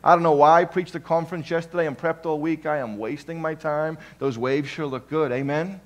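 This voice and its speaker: A male pastor preaching a sermon in a church, swinging between loud emphatic lines and hushed ones and often asking the crowd "Amen?". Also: on the high side, fairly even intonation, brisk. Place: church hall.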